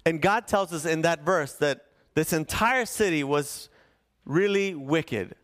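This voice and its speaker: Pastor, male, from Southern California, smooth resonant voice, animated sermon storytelling. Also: on the high side. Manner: animated storytelling, shifts between fast and slow.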